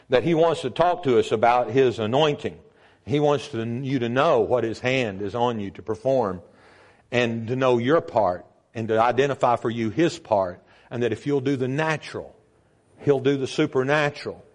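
An older man preaching a sermon as pastor, emphatic, with sudden jumps in pitch and volume. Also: darkish tone.

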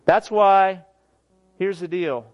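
A man in his thirties preaching a sermon as pastor, emphatic, swinging from near shouts to quiet, often asking "guess what". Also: high voice, takes it slowly, dull audio. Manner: emphatic preaching, rising to near shouts then dropping soft; repeats "guess what" and laughs at his own jokes.

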